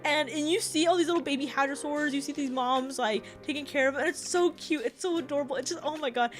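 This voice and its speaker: High-voiced young woman streamer, animated. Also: fast, hardly any pauses, faint music behind. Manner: animated, swearing, laughing, lots of fillers. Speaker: VTuber streamer. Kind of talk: casual livestream chat.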